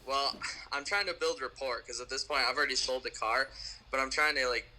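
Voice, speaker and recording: A man's voice: medium pitch, brisk, bright, forceful tone, a little hiss or hum, poor audio. A man, a podcast guest who sells cars, telling a rambling story in a laid-back, chuckling way. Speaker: podcast guest, car salesman. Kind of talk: casual storytelling.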